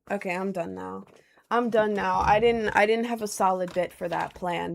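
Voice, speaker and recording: A woman's voice: mid-range voice, normal speed, creaky, a bit bright. A woman of about twenty from Maryland, chatting casually on a livestream and answering chat with lots of ums. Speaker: livestream host.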